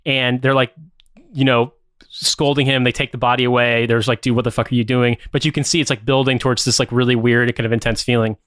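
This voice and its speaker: A man with a smooth, clear voice talks through a story in a loose, rambling way, swearing freely and leaning on filler words. His pitch sits in an ordinary middle range, and the sound is close and dry, with no room around it. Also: fairly even intonation, a little fast, fairly bright tone, dry recording. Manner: rambling, profane, many fillers. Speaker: podcast co-host. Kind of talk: casual plot recap.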